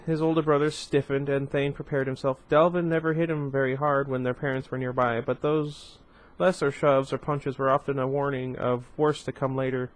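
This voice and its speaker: A man with a slight lisp reading a novel aloud at a middling pitch. He drops in chatty little asides between passages in a casual home reading. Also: little pitch movement, moderate pace, hardly any pauses. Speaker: book reader.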